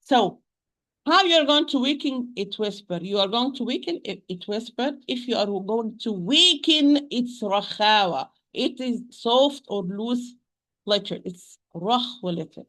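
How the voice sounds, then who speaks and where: A woman with an Arabic accent gives a slow, careful pronunciation lesson, repeating each sound several times. Her voice sits a little high, and she speaks gently to her listeners as dear sisters. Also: lively intonation. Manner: patient, repeats sounds slowly to demonstrate. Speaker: Quran recitation teacher.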